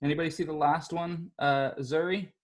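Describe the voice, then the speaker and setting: A male elementary school teacher leading a class of young children, upbeat and encouraging, sounding out syllables slowly. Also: a little high, steady tone.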